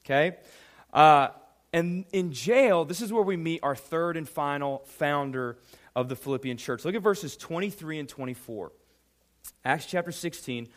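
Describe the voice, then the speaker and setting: A man preaching a sermon, emphatic and animated, speaking directly to a young congregation. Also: on the high side. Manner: addresses a youth audience directly. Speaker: pastor.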